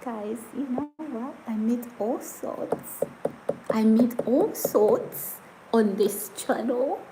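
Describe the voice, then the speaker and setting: A woman chatting on a live stream from home, reading out viewer comments and laughing easily. She talks at an unhurried, drawn-out pace. A faint background hiss sits under her voice. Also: a little high. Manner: giggly, chatty, often breaks into laughter. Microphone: phone or camera set on a surface.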